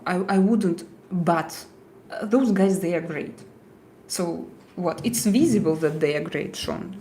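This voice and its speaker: Her voice is fairly low and warm, with a little hiss or hum in the audio, as this Russian-accented woman runs a relaxed livestream. She reads the chat out loud and replies bluntly, stumbling, restarting and repeating words.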